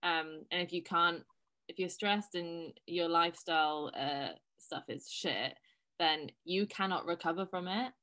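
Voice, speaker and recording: A woman co-hosting a casual fitness chat, frank and quick to swear. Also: on the low side, pushed and bright.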